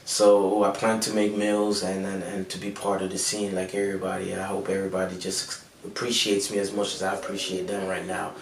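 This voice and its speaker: A man's voice: deep voice, monotone, a little fast. A young man with an American-sounding accent, a rapper and producer answering interview questions in a laid-back way, with many fillers and restarts. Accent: American-sounding English. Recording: roomy echo, mic at a distance, faint background hum.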